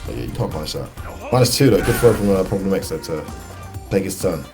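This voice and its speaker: A British man calls a fighting-game match live, talking quickly with a lively, swinging delivery. He is excitable and chatty, and music plays behind him. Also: low voice. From United Kingdom. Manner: excitable, chatty, laughs often. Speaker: esports commentator.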